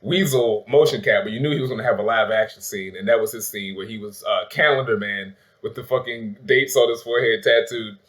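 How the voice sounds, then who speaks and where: A man's voice: on the low side, fairly quick, hardly any pauses, a bit bright. A man hosting a casual, spoiler-filled movie review chat, talking loosely with lots of swearing and acting out lines he quotes. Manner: loose and profane, acts out quotes with laughs. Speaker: host of a movie review channel.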